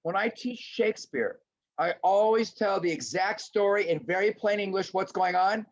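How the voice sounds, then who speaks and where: A middle-aged man presenting a lively webinar lecture to teachers, acting out little scenes as he goes. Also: high voice, normal speed. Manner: animated, acts out little scenes in voices. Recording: dull lo-fi webinar audio.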